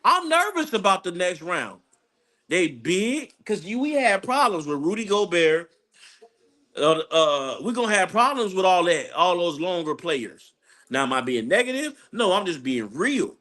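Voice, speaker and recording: A man ranting casually about a basketball game as a fan, rambling and excitable, breaking into high laughing outbursts. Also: measured pace. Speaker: sports fan commentator. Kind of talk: casual live game-watching rant.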